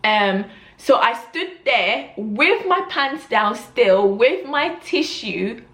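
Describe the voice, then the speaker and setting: A young woman vlogger telling an embarrassing story in an animated way, acting out the scene. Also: fairly high pitch, takes it slowly, roomy sound. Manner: animated storytelling with loud gasping reenactments. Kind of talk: storytime vlog.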